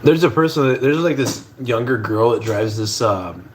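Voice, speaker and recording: A man's voice: mid-range voice, animated, moderate pace, a little hiss or hum. A young man hosting a casual livestream from his kitchen at the stove, rambling in a laid-back way and swearing casually. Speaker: livestream host.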